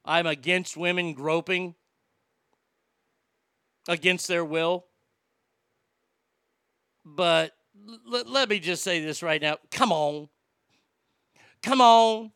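A man's voice: sits high, unhurried, pauses often, sharp tone, clean tone, dry recording, clean studio sound. A middle-aged man hosting a talk show, ranting with blunt opinions and stammering restarts.

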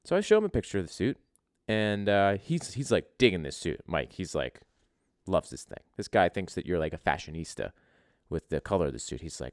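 A man's voice: deep voice, a little fast, no room sound, studio quality. A man hosting a casual podcast, telling a crude, joking story full of swearing. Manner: profane, joking, animated. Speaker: podcast host.

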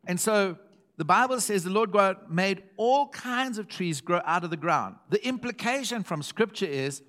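A man's voice: high voice, expressive, moderate pace, a bit bright. A man preaching a sermon to his congregation, reading scripture aloud and joking along the way. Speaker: pastor.

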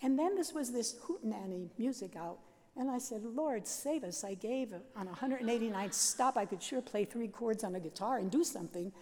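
An older woman, a Catholic nun, telling her life story in a lively, laughing way and acting out the sounds and voices in it. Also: a little high, fairly quick, in a large hall. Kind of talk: animated personal storytelling.

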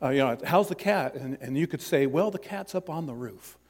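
A man's voice: on the high side, expressive, fairly quick, darkish tone, in a large hall. A man voicing an upset adult man who scolds his brother, in an exasperated, raised voice. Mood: instructive.

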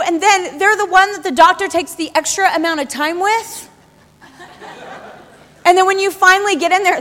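A woman in her thirties preaches with a very high, bright-toned voice, talking to the congregation like friends and piling up rhetorical questions. Her sermon rings out with a long reverb in a large church hall. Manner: lively, conversational, with rhetorical questions and repetition.

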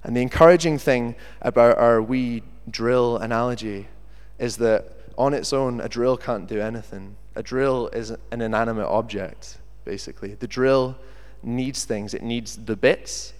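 A man delivers a sermon in an animated storytelling manner, acting out the voices of the people in his story. His voice sits at an ordinary middle pitch. It rings out with the long reverb of a large hall. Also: a little slow, hardly any pauses, clear, resonant tone. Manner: animated storyteller who acts out quotes. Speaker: preacher.

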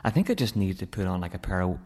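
A man with a Northern Irish accent, co-hosting a casual chat, stumbling over restarts and quick to laugh. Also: deep voice, breathy edge. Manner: excitable, stammering restarts, laughs easily. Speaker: podcast co-host.

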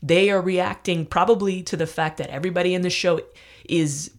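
A stand-up comedian talks alone on a podcast in a loose, rambling way, with plenty of swearing and many restarts mid-sentence. The voice sits at a middle pitch, neither high nor low. The tone is emphatic and self-mocking. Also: steady tone, a little fast. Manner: profane, rambling, with frequent restarts. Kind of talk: casual rambling podcast monologue.

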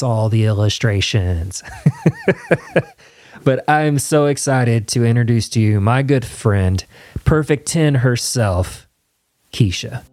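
A man's voice: fairly low pitch, darkish tone. A man hosting his own podcast, talking in an earnest, rambling, chatty way with a studio microphone. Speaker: podcast host. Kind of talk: casual solo intro then interview. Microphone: studio microphone with headphones.

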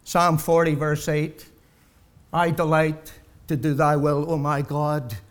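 A man preaching a sermon to a congregation, building to loud emphatic peaks and then dropping low, with repeated rhetorical questions. He gets short of breath as he goes. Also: level tone, slow.

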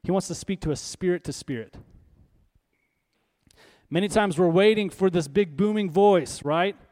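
A man's voice: sits high, normal speed, a little mellow. A man preaching a sermon as pastor, in a conversational, emphatic style full of rhetorical questions.

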